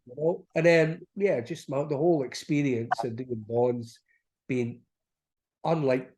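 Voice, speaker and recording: A man's voice: medium pitch, darkish tone. Chatty man telling stories. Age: middle-aged. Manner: chatty, laughing, acts out quoted dialogue. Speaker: actor, interview guest. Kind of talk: casual anecdotal storytelling.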